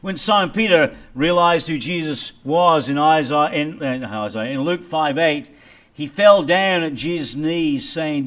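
Guy preaching a sermon, kinda high voice, goes loud then drops way down, dramatic. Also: moderate pace. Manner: dramatic preaching with big swings in loudness. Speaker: pastor.

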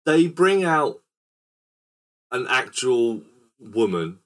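A man hosting a casual film podcast, retelling scenes in a rambling, animated way. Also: mid-range voice, extremely slow. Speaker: podcast host.

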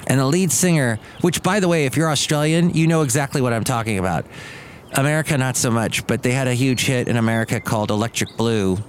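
A man's voice: mid-range voice, fast, a little hiss or hum. A man hosting a podcast in a casual, rambling monologue who digresses, trails off and corrects himself. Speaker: podcast host.

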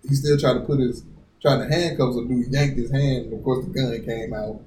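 Animated man telling stories in a roomy room. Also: mid-range voice, brisk. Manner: animated storytelling, acts out quoted people, swears a lot. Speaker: podcast co-host. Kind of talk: casual chat. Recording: roomy, distant mic with faint noise.

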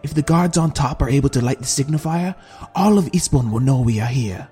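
A man's voice: medium pitch, brisk, warm tone, husky, soft background music, pitched above the performer's own voice. A male narrator voicing a stern male general who gives clipped, urgent orders. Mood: planning.

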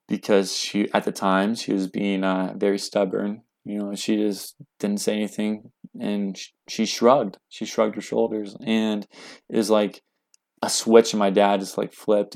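Young male guest, slightly low voice, earnest, halting delivery with many fillers. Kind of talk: casual spoken storytelling.

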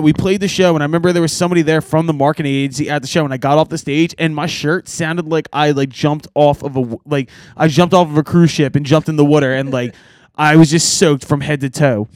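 A man on a podcast casually telling band road stories, animated and swearing, laughing often. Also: fairly high pitch, a little fast, no echo. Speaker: podcast co-host and band member. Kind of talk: casual storytelling chat.

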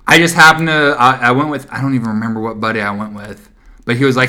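A man in his thirties co-hosts a casual podcast from a small home studio. His voice is bright and forward, and he rambles through a profane story, jumping into other people's voices as he tells it. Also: medium pitch, fairly even intonation, fast talker. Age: 30s. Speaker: podcast co-host. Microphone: studio mic.

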